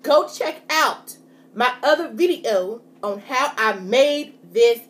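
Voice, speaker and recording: Chatty woman with a lively, high voice. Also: slow. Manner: chatty, folksy, says "y'all" a lot. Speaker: food vlogger. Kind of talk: casual mukbang chat to camera.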